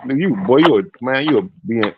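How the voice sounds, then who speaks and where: A man's voice: mid-range voice, animated, quick pace, muffled recording, heavy background noise. A man panelist in a heated sports debate, trash-talking and repeating himself to press his point.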